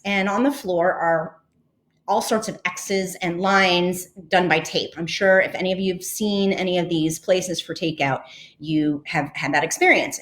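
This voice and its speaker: A woman podcast host and leadership coach telling a personal story in an earnest, reflective way, with fillers and restarts. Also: lowish voice.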